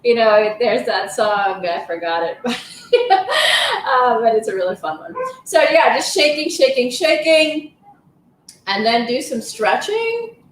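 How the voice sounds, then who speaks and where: A woman leading a live session of stretching, breathing and affirmations, talking in a gentle, encouraging and soothing way. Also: on the high side, lively intonation, a little slow, echoey room, a little hiss or hum. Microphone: livestream, device mic.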